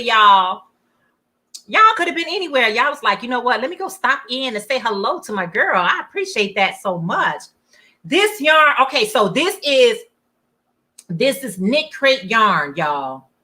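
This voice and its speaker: A woman's voice: fairly high pitch, sharp tone. A middle-aged woman hosting a casual livestream, chatting and reading comments aloud, often saying "y'all". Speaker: livestream host.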